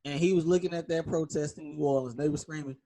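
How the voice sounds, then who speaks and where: A man co-hosting a sports podcast in casual chat, emphatic and animated in how he argues his points. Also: fast talker. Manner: emphatic, animated, drops into low tones for emphasis. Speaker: podcast co-host.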